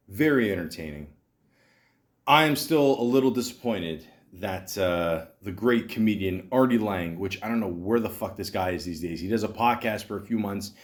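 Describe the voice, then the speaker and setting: A man from New Jersey hosting a podcast, reviewing movies in a loose, rambling, profane way with many fillers. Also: fairly low pitch. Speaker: podcast host. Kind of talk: casual movie review monologue.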